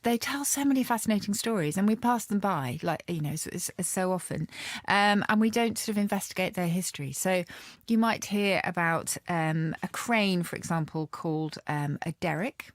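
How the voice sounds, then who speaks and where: A woman's voice: fairly low pitch, moderate pace, dry recording. A woman co-hosting a podcast, explaining word histories in a thoughtful, chatty way. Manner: thoughtful, explanatory, with many fillers. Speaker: podcast co-host, lexicographer. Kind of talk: casual chat.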